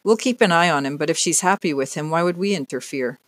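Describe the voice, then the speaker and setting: A narrator voicing a steady middle-aged father who talks calmly and reasonably. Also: medium pitch, quick pace, no echo, natural voice. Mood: reasoning.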